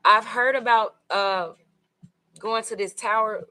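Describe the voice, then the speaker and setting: A woman's voice: on the high side, fairly even intonation, slow, pushed and bright, low-quality recording. A woman with giving a casual, rambling tarot reading, full of fillers and asides to her viewers. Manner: rambling, conversational, with many fillers. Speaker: tarot reader.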